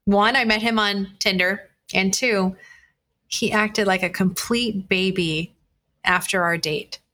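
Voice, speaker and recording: A woman's voice: medium pitch, fairly even intonation, slow, pushed and bright. A woman hosting a podcast, candidly telling a personal dating story to listeners, speaking bluntly and swearing freely, with frequent restarts. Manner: frequent restarts and fillers, conversational retelling. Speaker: podcast host.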